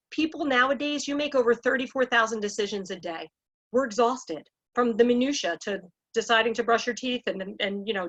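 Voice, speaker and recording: Energetic woman coaching on salon sales. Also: a little high. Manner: energetic, emphatic, acts out client scripts. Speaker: salon business speaker. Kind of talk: coaching talk on a panel. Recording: dull lo-fi audio.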